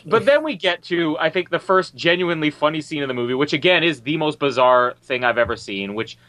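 A man in a casual film review chat, animated and laughing often. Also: brisk, no room sound. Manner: animated, laughs often, quotes lines in a higher voice. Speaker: podcast co-host.

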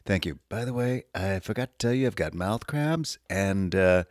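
Low-ish voiced guy cohost, blunt and sweary, dry sound. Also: expressive, moderate pace, no room sound. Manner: blunt, profane, acts out rants in quotes. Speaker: podcast co-host. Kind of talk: casual chat.

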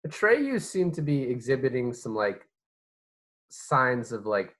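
A man's voice: mid-range voice, big pitch swings, unhurried, a bit bright. Wry man hesitantly recapping a movie. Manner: wry, hesitant, acts out scenes in mock voices. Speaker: podcast co-host. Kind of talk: casual movie discussion.

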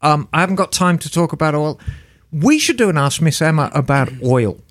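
Co-host, lively pitch swings, slightly high voice, emphatic explainer. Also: male voice, brisk. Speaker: podcast co-host. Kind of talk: casual chat and advice.

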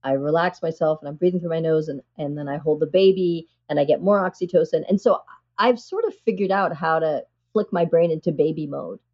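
A woman's voice: deep voice, brisk, lo-fi sound. A woman psychiatrist, a guest on an interview show, explaining things earnestly and with animation, often saying "you know".

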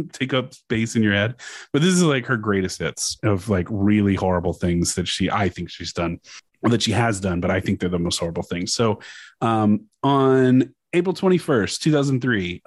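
A young man hosting a podcast, casually chatting and reading news quotes aloud, swearing and pausing with fillers. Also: mid-range voice, darkish tone, no echo. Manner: casual, profane, halting with fillers. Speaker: podcast host.

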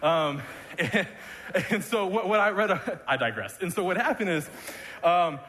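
A man's voice: sits high, expressive, measured pace, a bit bright, a little hiss or hum. A man preaching a sermon in a church, conversational and jokey with many restarts. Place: church sanctuary. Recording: long reverb of a church hall.

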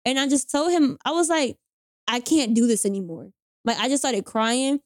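A young woman telling a personal story in casual chat, animated, acting out both sides of the conversation with slang. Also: sits high, a little fast, dry recording, studio quality. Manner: animated retelling with quoted voices and slang. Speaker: storyteller guest.

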